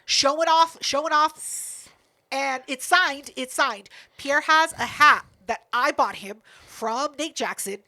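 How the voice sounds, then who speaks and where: A woman co-hosting a podcast, telling a story in a brash, profane, animated way. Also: high voice, slow pace, hardly any pauses. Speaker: podcast co-host. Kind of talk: casual storytelling chat.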